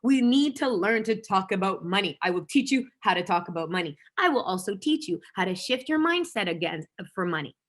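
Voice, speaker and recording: A woman business coach giving an energetic motivational talk, emphatic and fond of repeating key phrases. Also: medium pitch, fairly quick, hardly any pauses.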